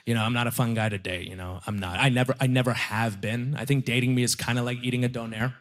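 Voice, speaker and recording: A man's voice: mid-range voice, steady tone, fast talker. A young man doing a stand-up comedy set on a club stage, telling self-deprecating stories in a conversational way.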